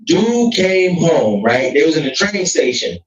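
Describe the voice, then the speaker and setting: A man's voice: on the high side, sing-song, unhurried. A man co-hosting a casual podcast, talking bluntly in heavy street slang. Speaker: podcast co-host. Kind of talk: casual chat. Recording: echoey, distant, dull lo-fi sound.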